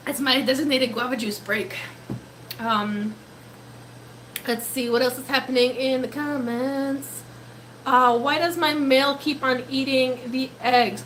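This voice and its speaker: A young woman in her twenties chats on a live stream in a high voice that keeps breaking into laughter. Her tone is bright and a little edgy, and her voice is slightly worn. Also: a little slow, slight background noise. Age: 20s. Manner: gushing, excitable, laughs often. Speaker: pet-keeping live streamer. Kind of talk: casual live stream chat, reading comments.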